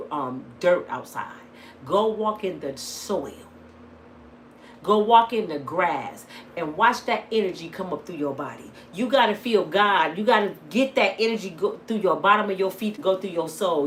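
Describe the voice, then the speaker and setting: A middle-aged woman talking to her viewers in a casual vlog, swinging from lively storytelling to heated, preaching talk. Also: mid-range voice, slight background noise. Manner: plain-spoken, addresses viewers as y'all. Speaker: vlogger. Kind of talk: casual storytelling and emotional monologue.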